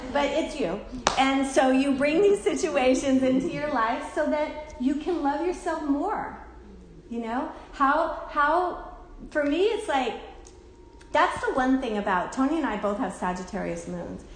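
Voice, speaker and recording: A woman's voice: sits high, a little slow, noisy background. A woman giving a casual spiritual talk to a class, candid and chatty, swearing and laughing often. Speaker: spiritual teacher. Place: temple room. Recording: roomy echo.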